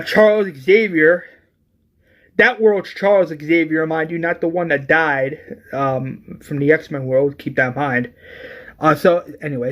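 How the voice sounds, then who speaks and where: A man giving a casual, exasperated movie review, animated and full of restarts and hesitations. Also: high-pitched.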